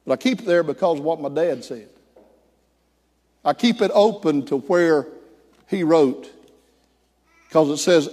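A slightly high-voiced male pastor preaches to his congregation, telling stories with animated, acted-out voices. His voice rings with the long reverb of a large church hall. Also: a little slow, long pauses. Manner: animated, acts out quoted voices. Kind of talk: sermon storytelling.

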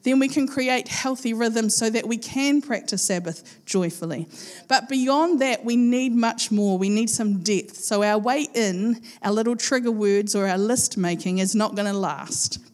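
A woman's voice: mid-range voice, normal speed, darkish tone. A woman giving a chatty, playful sermon to a live congregation, laughing often. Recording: long hall reverb.

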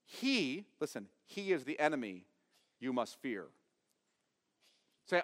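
A man preaching a sermon as pastor, emphatic, asking his congregation questions and swinging from loud stress to quiet asides. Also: medium pitch, sing-song, slow pace, pauses often, in a large hall. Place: church sanctuary.

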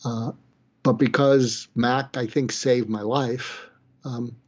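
An older man, a psychiatrist from the East Coast, tells a moving personal story in a halting way, with sighs, restarts and quiet moments. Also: medium pitch, fairly even intonation, breathy edge, muffled recording. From Boston, East Coast US. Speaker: psychiatrist telling his story. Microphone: webcam or video call.

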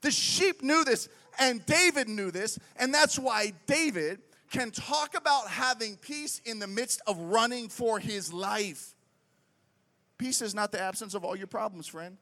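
Young guy preaching a sermon, pretty high voice, lively storytelling, talks to the crowd like friends. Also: unhurried. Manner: animated, conversational, keeps asking "right?".

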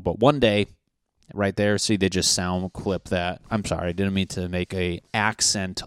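A man's voice: deep voice, clear, resonant tone, dry recording, clean studio sound. A man hosting a podcast, rambling through casual tangents with frequent swearing and jokes. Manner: profane, tangent-prone, jokey. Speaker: podcast host. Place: apartment in Los Angeles.

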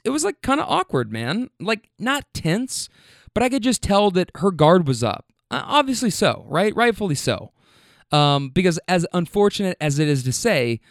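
A man's voice: on the high side, smooth, no room sound, studio quality. A man who drives for a rideshare service, telling stories from his rides in a casual, laid-back way, swearing freely and talking straight to the listener. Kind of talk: casual storytelling.

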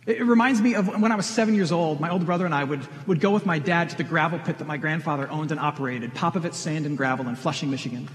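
Talking quickly with few pauses, this middle-aged pastor has a slightly high voice. His sermon is earnest and direct, full of pointed questions for the congregation, and a large hall's long reverb colors the sound.

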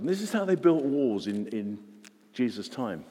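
A man's voice: medium pitch, sing-song, normal speed, dark tone. A man preaching a sermon in an earnest way, repeating words for emphasis and putting questions to the congregation. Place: church. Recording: long church reverb.

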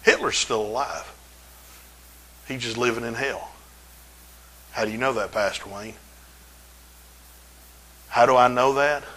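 A middle-aged man, preaching a folksy, humorous sermon in a church with drawn-out emphasis. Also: medium pitch, fairly bright tone, poor audio. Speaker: pastor.

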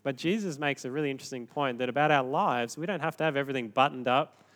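A man's voice: medium pitch, fast. Conversational man preaching. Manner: conversational, animated, shifting from quiet to emphatic. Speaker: pastor. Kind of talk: sermon.

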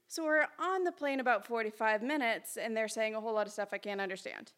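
A woman telling a personal story at a live storytelling event, chatty, lively and self-mocking, on a stage mic in a small hall. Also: a little high, fast talker.

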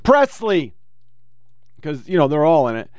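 A man hosting a political podcast. He reads quotes quickly in a mocking tone and swears and heckles between them. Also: a little high, sing-song, darkish tone, no room sound. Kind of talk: profane political commentary reading quotes.

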